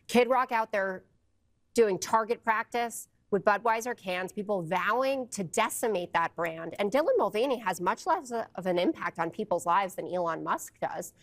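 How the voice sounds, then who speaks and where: A woman's voice: mid-range voice, lively intonation, moderate pace. A female panelist builds her case in a studio debate. She argues firmly and methodically, one point after another.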